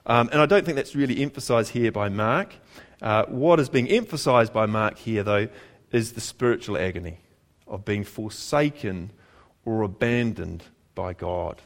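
A man's voice: lowish voice, moderate pace. A man preaching a sermon in a conversational tone, asking the congregation rhetorical questions and repeating key phrases for emphasis.

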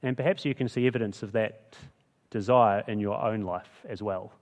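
A man's voice: on the low side, normal speed, a little mellow, in a large hall. A man preaching a sermon in a chatty, conversational way, often asking the listeners rhetorical questions. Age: adult with school-age kids.

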